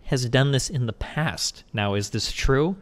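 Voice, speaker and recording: A man's voice: medium pitch, animated. A man co-hosting a casual stream discussion, blunt and argumentative, swearing freely. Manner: fast, blunt, argumentative, profane. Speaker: streamer and co-host.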